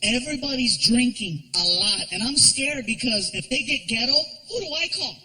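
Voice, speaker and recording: A man doing stand-up comedy, telling a story and acting out the people in it with animated voices on a stage mic. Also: very high voice, moderate pace, background noise. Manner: animated, acts out characters with voices. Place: theater stage before a live audience.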